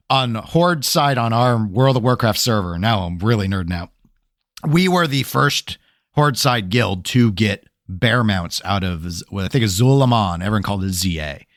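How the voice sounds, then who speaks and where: Animated man telling a long gaming story. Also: on the low side, unhurried, no room sound, clean studio sound. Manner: animated storyteller, acts out exasperated quotes. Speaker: podcast co-host. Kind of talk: casual gaming podcast chat.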